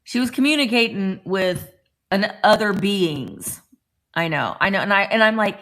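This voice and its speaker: Greeting viewers by name, a middle-aged woman chats easily during a morning live stream she hosts from home. Her medium-pitched voice is a bit bright and measured in pace.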